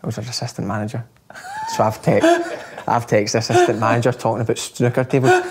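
A man telling a casual anecdote in an animated, laughing way. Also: mid-range voice, fairly quick, a crowd in the background. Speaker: guest telling a story.

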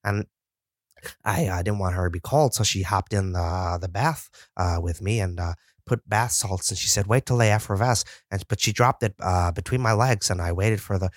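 A man doing a comic impression of a young male racing driver, with a halting, mumbling delivery full of "uh" fillers. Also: low-pitched, no echo, studio quality, lightly acted.

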